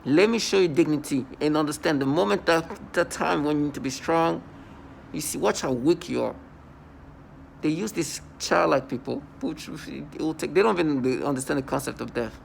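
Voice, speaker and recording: A defiant man talks straight to the camera from home, his somewhat high voice roughened by heavy gravel. He speaks with scorn, stumbling, restarting and repeating words as he goes. Traffic hums faintly in the background. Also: normal speed. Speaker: vlogger. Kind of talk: angry personal monologue to camera. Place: at home indoors.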